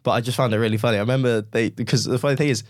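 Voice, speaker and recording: A man's voice: mid-range voice, fairly even intonation, very fast. A man, co-hosting a podcast in casual chat and telling self-deprecating stories. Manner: rambling storyteller, self-deprecating, acts out his own reactions. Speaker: podcast co-host.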